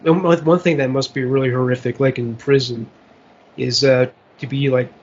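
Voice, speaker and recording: A man's voice: medium pitch, fairly even intonation, moderate pace, darkish tone. A man co-hosting a podcast in casual chat, chiming in with short questions. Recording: lo-fi podcast recording.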